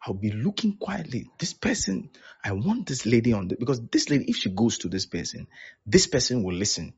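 A man's voice: mid-range voice, big pitch swings, a little fast, slightly rough, lo-fi sound. A man preaching as a pastor, acting out both sides of the conversations he recounts. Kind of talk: sermon.

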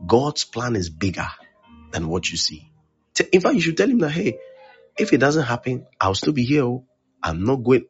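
A man preaching a sermon as pastor, repeating his phrases with force, then dropping to a hush. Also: mid-range voice, sing-song, normal speed, breathy edge, dull audio, soft background music. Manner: emphatic preaching, repeats phrases, swings loud to hushed.

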